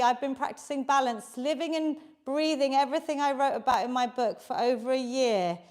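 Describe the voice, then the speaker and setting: A high-voiced woman leads a live workout class, unhurried and encouraging as she counts reps aloud. She is out of breath from exercising along, holding a handheld mic in a basement home studio. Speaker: fitness instructor.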